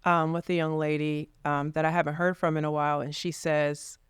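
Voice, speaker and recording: Smooth-voiced woman, animated storyteller. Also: low voice, brisk, no room sound, studio quality. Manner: lively storyteller who acts out quoted voices. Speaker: real estate agent guest. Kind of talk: casual podcast interview.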